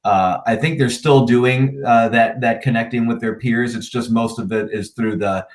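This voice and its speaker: A managing partner talking casually in a remote interview, relaxed and plain-spoken, with frequent "uh"s and restarts over a video call. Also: male voice, medium pitch, normal speed. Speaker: managing partner of an insurance agency.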